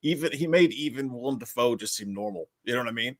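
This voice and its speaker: A man co-hosting a casual movie chat, excitable and joking with crude banter. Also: mid-range voice, fast talker. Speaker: co-host.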